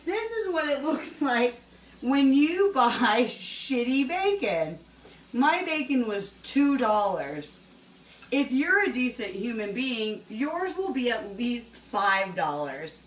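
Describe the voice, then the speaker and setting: A woman's voice: fairly high pitch, sing-song, takes it slowly. A woman hosting a casual cooking show in her home kitchen, rambling, swearing and laughing as she cooks. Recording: roomy room, mic at a distance.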